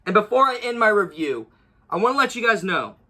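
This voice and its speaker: A man's voice: high voice, very animated, brisk, pushed and bright. A young man giving a casual, rambling movie review, gushing and repeating himself with many fillers.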